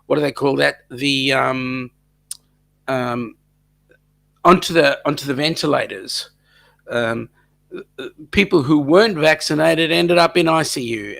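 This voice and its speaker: A man's voice: a little high, gravelly, bright, forceful tone. A man hosting a live stream, chatting casually and reading out viewer comments, with lots of ums and restarts. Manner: chatty, repeats himself, many ums.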